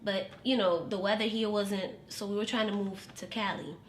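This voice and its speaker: A woman in her late twenties, a podcast guest telling stories in a casual chat, animated and slangy, cussing freely. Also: medium pitch, moderate pace, slight background noise. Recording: roomy echo.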